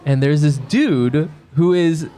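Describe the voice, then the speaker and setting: Animated man co-hosting a podcast. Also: a little high, takes it slowly, soft background music. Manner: animated storyteller who acts out his own yelling. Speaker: podcast co-host. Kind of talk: casual chat, telling a story. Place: home bedroom used as a quiet room.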